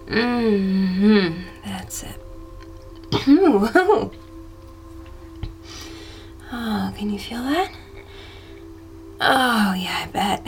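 A woman in a whispered role-play as a doting masseuse, speaking softly and teasingly with frequent giggles. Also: medium pitch, lively intonation, takes it slowly, gravelly, pauses often, faint music behind. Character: affectionate flirty female masseuse. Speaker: masseuse character.

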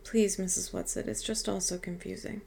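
A woman's voice: mid-range voice, flat delivery, normal speed, vocal fry, darkish tone, a little hiss or hum. Woman reader doing an anxious, plaintive girl, audiobook. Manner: plaintive, worried. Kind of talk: audiobook reading.

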